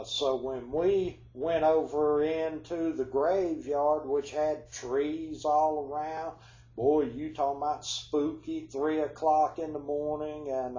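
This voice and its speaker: A man's voice: a little high, a little mellow, echoey room, highs cut off. A man telling ghost stories in a folksy, drawling way, his voice congested from flu-like symptoms. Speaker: storyteller. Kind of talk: casual ghost storytelling.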